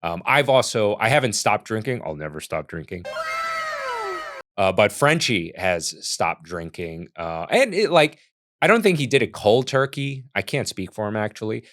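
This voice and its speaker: A man's voice: lowish voice, sing-song, normal speed, background noise. An American man in his forties, a chef giving casual, earnest reaction commentary with frequent restarts. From United States.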